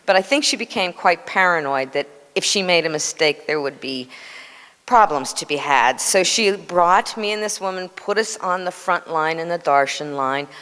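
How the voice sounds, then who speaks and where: A woman in her sixties with a low voice tells an animated personal story, slipping into other people's voices. The sound carries a long hall reverb. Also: normal speed, smooth. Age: 60s. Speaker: devotee sharing memories.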